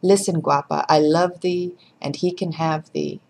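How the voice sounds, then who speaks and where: A woman reading aloud, voicing a hot-tempered, jealous big older peasant woman in a blunt, forceful way. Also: sits low, fairly even intonation, a little slow, creaky, a little hiss or hum, poor audio. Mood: earnest.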